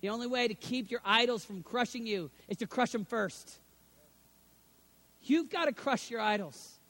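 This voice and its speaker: A middle-aged man preaching a sermon, swinging from hushed, low passages to loud, shouted appeals. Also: animated, normal speed.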